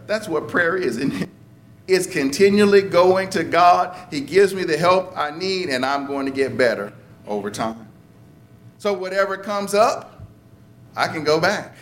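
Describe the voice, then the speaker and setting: A man's voice: sits high, animated, unhurried, a bit bright, slight background noise. A man preaching a sermon in a conversational way, chuckling and lifting his voice for emphasis.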